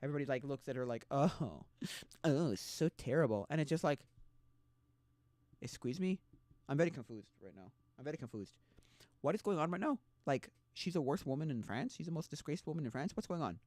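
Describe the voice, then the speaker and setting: A man streaming a casual chat, rambling and halting with restarts, often mocking the people he talks about in put-on voices. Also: a little high, animated, a little mellow, no room sound.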